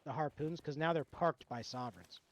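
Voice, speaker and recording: Animated man telling a gaming story. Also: fairly high pitch, normal speed. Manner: animated, acts out exchanges, swears freely. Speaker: streamer. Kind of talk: casual storytelling on a game stream.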